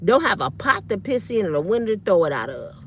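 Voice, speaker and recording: A woman's voice: mid-range voice, sing-song, fast talker, a little hiss or hum. A woman in her fifties, an online commentator, delivering a blunt, fiery, profane rant full of slang. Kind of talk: ranting monologue.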